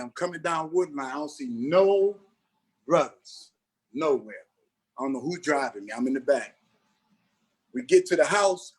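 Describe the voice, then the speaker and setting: This middle-aged man's mid-range voice has a breathy edge. Being interviewed on a podcast, the actor recounts something from his own life and brings it alive by voicing each person's lines.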